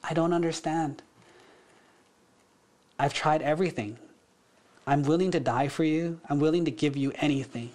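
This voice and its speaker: A man's voice: a little high, darkish tone, close to an everyday voice. Man voicing a desperate queen mother, pleading, plain speech. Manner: pleading, quick questions.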